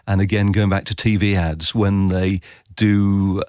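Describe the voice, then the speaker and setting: A man answering interview questions about radio writing, animated and chatty, often acting out imagined voices. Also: a little slow, smooth, no echo, clean studio sound. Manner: animated, quotes imagined voices with big pitch leaps.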